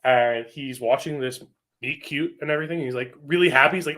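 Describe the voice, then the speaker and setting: A man's voice: medium pitch, fairly quick, bright, forceful tone. A young adult man co-hosting a movie podcast, talking with enthusiasm and quoting others. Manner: enthusiastic, quotes others in voices. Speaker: podcast co-host. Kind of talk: casual movie chat.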